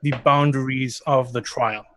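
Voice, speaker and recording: A man's voice: mid-range voice, steady tone, measured pace, fairly bright tone. A man playing a tabletop role-playing game, casual and joking. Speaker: player.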